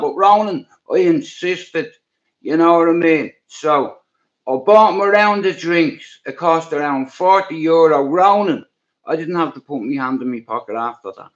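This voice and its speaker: A Dublin man with a fairly high voice tells rough stories as a podcast guest. He swears freely and rambles bluntly. His voice comes through a dull, lo-fi line. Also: unhurried. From Dublin, Ireland. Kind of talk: casual storytelling. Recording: dull lo-fi sound.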